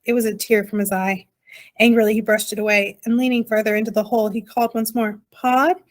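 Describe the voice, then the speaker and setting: A woman narrating a children's novel in a gentle, measured reading voice. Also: mid-range voice, flat delivery. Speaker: audiobook reader. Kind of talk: storybook narration.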